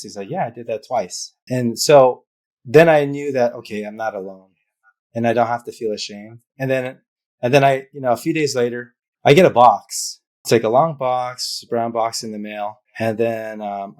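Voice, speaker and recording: A man's voice: mid-range voice, steady tone, normal speed, darkish tone. A man as an interview guest, telling an emotional personal story in an open, heartfelt way with many fillers. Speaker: guest, business founder.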